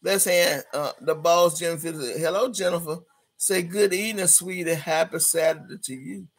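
A woman's voice: on the low side, moderate pace, slightly rough. A woman hosting a livestream, reading out chat comments in a brash, profane, laughing way. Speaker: livestream host.

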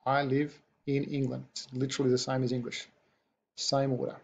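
A male teacher gives a recorded online lesson, repeating each new word slowly and patiently. His voice is gravelly and husky. The recording sounds dull and lo-fi. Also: mid-range voice, completely flat delivery. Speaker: language teacher.

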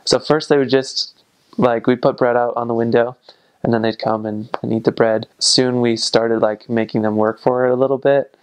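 A man's voice: mid-range voice, steady tone, normal speed, clear, resonant tone. An American man talking casually in a vlog, rambling with lots of "like" and "I don't know". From United States. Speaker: vlogger.

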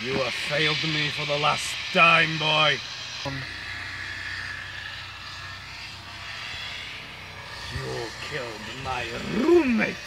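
A man's voice: a little high, expressive, a little slow, gravelly, heavy background noise. A man playing a flamboyant transvestite vampire villain in an amateur comedy film, with campy, sing-song delivery. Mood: menacing. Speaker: amateur actor.

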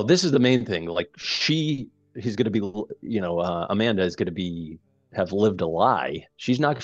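A man's voice: on the low side, no echo, muffled recording. A man hosting a movie podcast, chatting casually and recapping the plot with many fillers and restarts. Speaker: podcast host.

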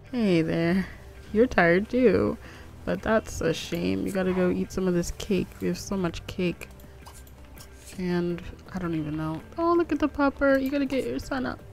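A woman's voice: fairly low pitch, unhurried, vocal fry, long pauses, darkish tone. A young woman giving casual, rambling commentary on a life-simulation game, giggling and cooing at the pets. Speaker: gaming YouTuber. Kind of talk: casual let's-play commentary. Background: faint background music.

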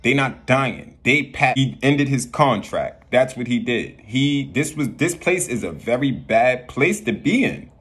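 Husky man on a profane spiritual rant. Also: medium pitch, animated, unhurried, few pauses, a bit bright. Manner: profane, preachy, repeats himself. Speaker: vlogger.

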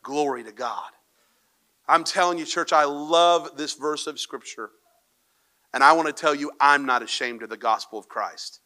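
Bright-voiced male pastor preaching. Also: a little high, normal speed. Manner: lively storytelling, puts on a panicked voice in the joke. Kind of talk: sermon with a joke and scripture reading. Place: church sanctuary with congregation.

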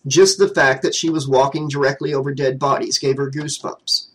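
A man's voice: medium pitch, steady tone, brisk, fairly bright tone, poor audio. A man narrating a fan novel as an audiobook, reading steadily.

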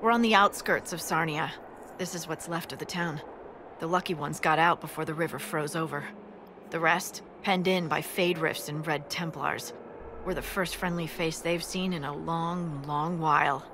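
A woman's voice: low-pitched, steady tone, normal speed. An actress voicing a friendly dwarf woman scout who briefs her leader and gets a little flustered in small talk, in a video game. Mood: briefing. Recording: game audio with clear background noise.

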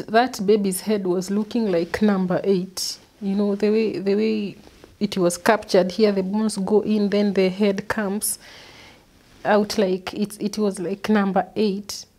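A woman, an interview guest, recounting a painful personal story in an earnest, halting way, often repeating words. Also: medium pitch, mellow. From Kenya. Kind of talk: personal testimony.

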